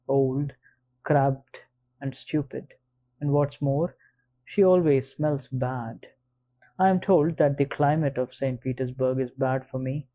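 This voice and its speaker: A man reads a first-person audiobook at a measured, even pace. His pitch is mid-range and barely moves. The recording sounds slightly dull and lo-fi. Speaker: audiobook narrator. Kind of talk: scripted audiobook narration.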